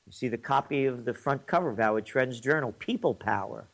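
A man's voice: mid-range voice, a little fast, creaky, a bit bright. Combative, sarcastic New man. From New York. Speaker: commentator and host. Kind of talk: ranting political monologue.

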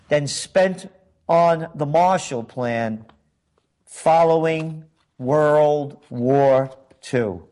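A man hosting a commentary show, delivering a sarcastic, emphatic political monologue full of rhetorical questions. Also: fairly high pitch.

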